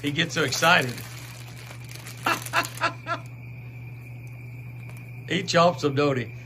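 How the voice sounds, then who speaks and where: A man talks his way through a ranch video outdoors, loose and chatty, quick to laugh, sweet-talking the animals around him. His voice has a gravelly edge with a sharply bright, forceful tone, and a faint outdoor hiss sits behind it. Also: on the high side, wildly swooping pitch. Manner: chatty, laughs often, coos and teases the deer. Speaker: ranch owner and channel host. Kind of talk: casual outdoor vlog narration.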